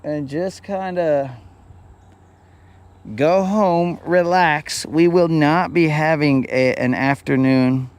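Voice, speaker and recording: A middle-aged man hosts a fishing livestream from a boat on a lake, chatting and joking with viewers in a rambling, casual way. His voice is fairly high, slow, clear, and resonant.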